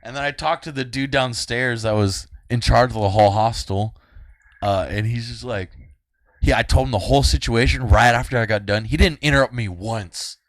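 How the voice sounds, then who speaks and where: A man hosting a podcast, telling a personal story in casual chat and acting out the people in it with sudden high-pitched bursts. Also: moderate pace, no echo. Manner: animated, acts out quotes with big pitch jumps and fake crying. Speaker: podcast host.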